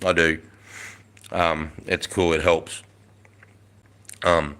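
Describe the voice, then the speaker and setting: A low-voiced Australian man in his forties hosts a casual live stream. He swaps army stories and reads out chat comments, swearing freely in an easygoing way. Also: level tone, very slow, pauses often, a bit bright. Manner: swears a lot, laid-back, reads chat aloud. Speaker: livestream host, ex-soldier.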